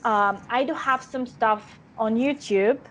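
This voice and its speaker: An actress with an Italian accent in a casual interview, talking freely with frequent laughter and restarts. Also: female voice, a little high, slow pace, fairly bright tone. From Italy. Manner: chatty, laughs often, many restarts.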